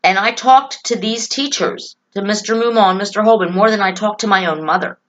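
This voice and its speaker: A woman's voice: mid-range voice, fairly quick, low-quality recording. A woman vlogging to camera about her own life and opinions, earnest, emotional and opinionated. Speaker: political vlogger. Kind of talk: personal talk to camera.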